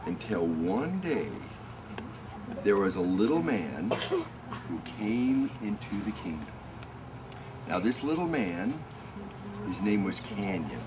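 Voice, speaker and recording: Man telling a kid a bedtime story, slow, swoopy pitch, noisy home recording. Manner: slow, animated, gentle.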